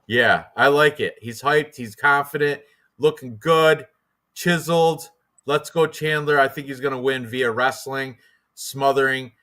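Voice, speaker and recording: A man hosting a fight prediction show in casual chat, rambling and excitable, with lots of fillers and restarts. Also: medium pitch, measured pace.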